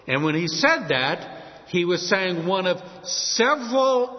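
A man's voice: high voice, huge pitch swings, slow, in a large hall, lo-fi sound. A man preaching a sermon, emphatic, stressing quoted scripture. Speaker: pastor.

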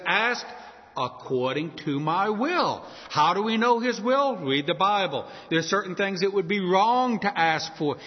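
A man preaching a sermon, emphatic, slowing down and lifting his voice on key words. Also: high voice. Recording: dull sound with long hall reverb.

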